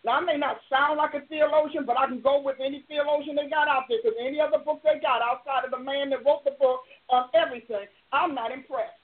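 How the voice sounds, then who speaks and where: Fervent high-voiced woman preacher, tinny audio. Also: steady tone, quick pace, hardly any pauses. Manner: fervent, emphatic, repeats declarations. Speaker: preacher and show host. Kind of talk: live preaching broadcast.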